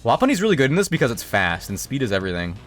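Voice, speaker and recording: Excitable male streamer with a lively voice. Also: rapid-fire, soft background music. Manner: excitable, jumps into high-pitched yelps at game events. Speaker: streamer playing a video game. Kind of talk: casual live-stream chat.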